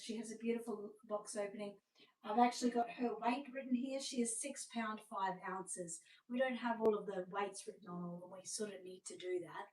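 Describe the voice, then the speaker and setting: A woman's voice: medium pitch, a little mellow, low-quality recording. Australian woman, seller-host, chatty and effusive live showcase delivery. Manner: chatty and gushing, many fillers. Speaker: seller presenting reborn dolls.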